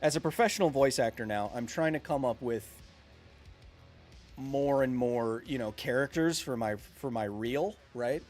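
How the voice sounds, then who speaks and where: A man's voice: mid-range voice, moderate pace, a little mellow, faint music behind. A man in his thirties live-streaming a video game, chatting casually with viewers in a rambling, self-mocking way. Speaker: streamer playing a video game and answering chat.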